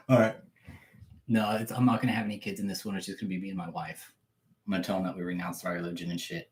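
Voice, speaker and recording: A man's voice: sits low, flat delivery, quick pace, pauses often. A man hosting a livestream, chatting loosely and swearing, often laughing to himself. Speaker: livestream host. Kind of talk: casual livestream chat.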